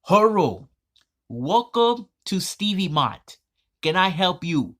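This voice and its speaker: A man's voice: high-pitched, big pitch swings, slow, a bit bright, pitched above the performer's own voice, heavily acted. A man putting on the voice of a cheerful male cartoon convenience-store clerk, in chirpy shopkeeper greetings.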